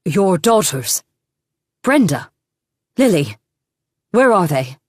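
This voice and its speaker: A woman's voice: fairly low pitch, big pitch swings, slow pace, no room sound, exaggerated voice. A woman voicing a shaken male detective in an audiobook, demanding answers urgently. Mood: alarmed. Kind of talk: audiobook character reading.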